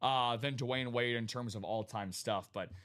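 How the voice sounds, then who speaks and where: A man hosting a live sports memorabilia stream, talking in an energetic hype style and greeting viewers by name. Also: medium pitch, moderate pace. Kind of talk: casual live-stream chat.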